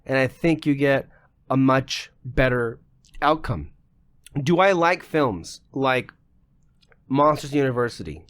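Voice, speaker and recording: A man's voice: mid-range voice, animated, slow, long pauses, a bit bright. A man co-hosting a casual podcast discussion, ranting emphatically and with plenty of profanity, his voice getting a little worn. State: losing his voice. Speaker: podcast co-host.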